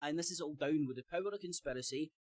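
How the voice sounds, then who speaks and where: A man's voice: fairly high pitch, fast, a little mellow, no room sound. A Scottish man on a live-stream panel, rambling and self-correcting as he talks. He swears, laughs often and trips over his words in casual debate.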